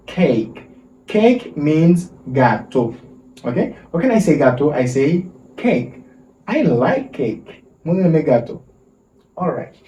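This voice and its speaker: Male English teacher, slow repetitive drilling, echoey far-off mic with faint hiss. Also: on the high side, mellow. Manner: slow drilling, repeats words and asks for repetition. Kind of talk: vocabulary lesson for Haitian Creole and French speakers. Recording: roomy, distant mic with faint noise.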